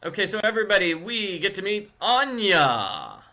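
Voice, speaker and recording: A man's voice: sits high, wildly swooping pitch, normal speed, bright, forceful tone. A man chatting playfully and rambling as he plays and comments on a mystery game. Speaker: gaming video host. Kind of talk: casual let's-play commentary.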